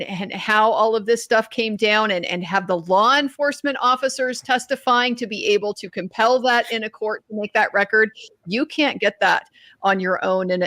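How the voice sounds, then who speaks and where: A woman lawyer on a live panel, explaining legal procedure in a measured, methodical way. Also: medium pitch, fairly bright tone, no echo.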